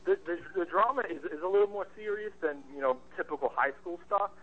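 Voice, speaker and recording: A man talks films with friends in casual chat, full of enthusiasm and stumbling over his words as he restarts sentences. The recording sounds a little dull and lo-fi. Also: sits high. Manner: enthusiastic, halting with many restarts. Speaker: podcast co-host, movie reviewer.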